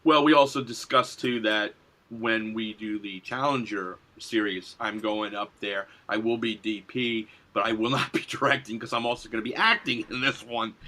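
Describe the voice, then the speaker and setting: A middle-aged filmmaker and graphic designer speaks in a lowish voice at normal speed. As a guest in a casual interview about his film and design work, he talks eagerly and animatedly, with an enthusiastic manner and easy laughter.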